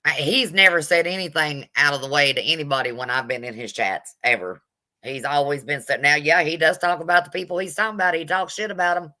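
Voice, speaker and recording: Woman streamer reacting to a video, sassy and blunt, bright tone. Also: low-pitched, fast talker. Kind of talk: casual commentary.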